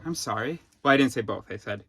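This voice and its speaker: A man's voice: mid-range voice, expressive, quick pace, pushed and bright, slight background noise. A man thinking aloud in a rambling personal vlog, often restarting his sentences and wandering into asides. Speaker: vlogger.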